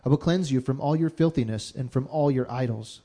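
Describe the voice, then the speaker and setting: A man reads Bible passages aloud at a steady, measured pace. His voice is dark and mellow, with an even, unhurried rhythm. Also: medium pitch. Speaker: scripture reader.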